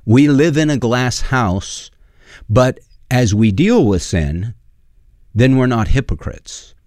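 A man's voice: mid-range voice, lively intonation, slow, darkish tone, no room sound, studio quality. A man preaching a sermon in an earnest, conversational way, with frequent fillers as he reads and explains scripture.

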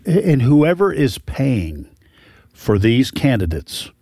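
A man's voice: medium pitch, sing-song, slow pace, warm tone, dry recording. A man co-hosting a political talk radio show, arguing his points with emphasis. His voice sits in an ordinary middle range, recorded dry and close in the studio. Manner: opinionated, argues points with emphasis.

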